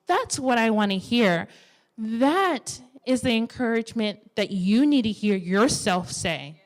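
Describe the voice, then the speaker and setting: Lively young woman preaching. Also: a little high, measured pace. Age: 20s. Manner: lively and exhorting, with playful asides. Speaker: women's ministry speaker. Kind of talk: sermon. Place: church.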